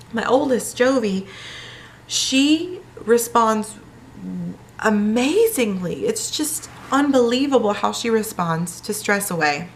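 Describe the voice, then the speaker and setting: A woman's voice: mid-range voice, vocal fry, a little hiss or hum. A young woman chatting in a casual vlog, telling a personal story with lots of fillers. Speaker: vlogger.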